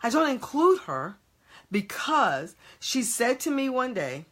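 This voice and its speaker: Emphatic woman speaker, bright voice. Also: a little high, very animated. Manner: emphatic, repeats points and checks in with "okay?"; stretches key words slowly for emphasis. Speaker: women's ministry speaker and teacher. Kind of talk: motivational teaching to a live group.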